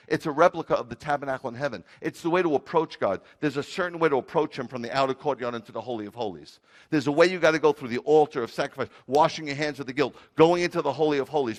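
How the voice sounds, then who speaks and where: Animated New rabbi preaching. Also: male voice, a little high. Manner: animated storytelling with jokey asides. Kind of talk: sermon.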